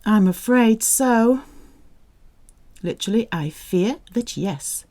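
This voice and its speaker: Woman French tutor, unhurried drill pace, lively sing-song pitch, encouraging and repetitive. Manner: slow, repeats phrases, encouraging. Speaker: French teacher. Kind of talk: audio language drill.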